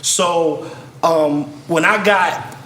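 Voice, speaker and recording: A man from Virginia telling stories in casual chat, animated and acting out the people he quotes. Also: a little high, extremely slow, reverberant, a little hiss or hum. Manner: animated storyteller, acts out quotes. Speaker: guest rapper and songwriter.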